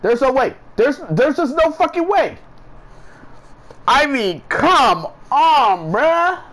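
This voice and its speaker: Male vlogger, unhurried, swears constantly and loops back on his own lines, lively pitch. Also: low-quality recording. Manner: profane, repetitive, incredulous ranting. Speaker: sports vlogger. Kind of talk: ranting casual commentary.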